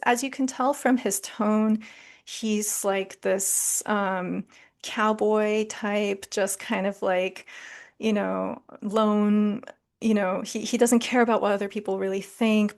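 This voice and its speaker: A woman's voice: mid-range voice, steady tone, unhurried, creaky. A woman leading a casual book club discussion, summarizing a story in a chatty way with many fillers.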